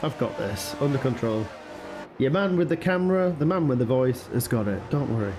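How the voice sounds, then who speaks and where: A man with a northern English accent commentates a sim race live, chatty and full of banter, rising sharply when cars crash. His voice sits at an ordinary middle pitch. A music bed plays clearly underneath him. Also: lively intonation, fairly quick.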